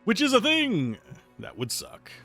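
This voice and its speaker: A man's voice: sits high, wildly swooping pitch, a little slow, music in the background. A man streaming gameplay live, chatting in a rambling, self-deprecating way while answering chat. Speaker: streamer playing a game live.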